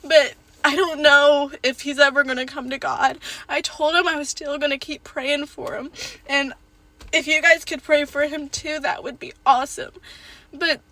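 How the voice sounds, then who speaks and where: Young woman kinda crying thru her story, high bright voice, stops and restarts a lot, dry sound. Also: fairly even intonation, no room sound. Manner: halting, rambling, emotional. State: tearful. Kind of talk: tearful personal testimony.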